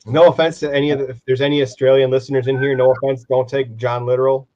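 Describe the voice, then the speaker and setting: An American man joins a casual livestream chat, talking in a friendly, halting way with many fillers. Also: medium pitch, level tone, a little mellow. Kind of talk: casual live-stream chat. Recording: dull lo-fi livestream audio.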